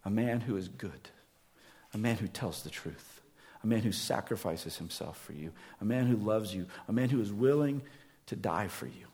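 A male pastor delivering a sermon, earnest and emphatic at times, dropping to a hushed whisper at others. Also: on the low side, lively intonation, moderate pace.

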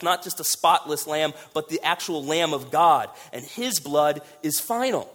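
A man preaching a sermon, moving between hushed, quiet passages and loud, emphatic rises, with casual conversational asides mixed in. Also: a little high. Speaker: pastor.

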